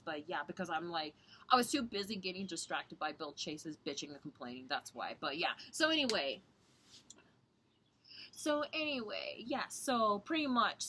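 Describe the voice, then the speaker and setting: A woman's voice: fairly bright tone, slight background noise. A young woman from Southern Ontario giving a rambling, profane review of a wrestling show, keeping her voice down so she doesn't wake the house. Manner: talks low to avoid waking others. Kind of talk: casual vlog review.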